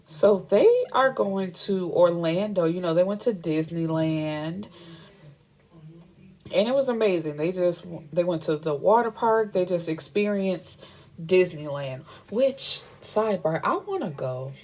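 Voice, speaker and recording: A woman's voice: on the low side, expressive, measured pace, darkish tone. Chatty woman recapping a book. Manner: chatty, retells scenes with quoted dialogue and blunt asides. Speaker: book reviewer.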